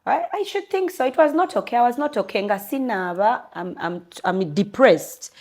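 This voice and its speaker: A young Ugandan woman, an interview guest, telling a candid personal story in an earnest, lively way. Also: fairly high pitch, normal speed. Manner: switches between English and Luganda, lively and earnest.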